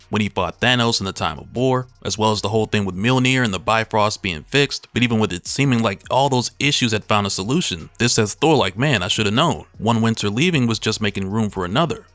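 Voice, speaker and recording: A man with a fairly low voice talks through a comic book story in a relaxed, conversational way. He recaps the plot like he's chatting with fans. The recording is dry and close, with no room sound. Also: no echo. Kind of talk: casual comic recap narration.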